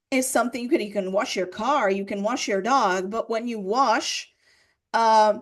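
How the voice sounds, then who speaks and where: Woman, English teacher giving a grammar lesson, slightly high voice, patient and repetitive. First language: Portuguese. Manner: explains patiently, repeats examples, checks with "right?".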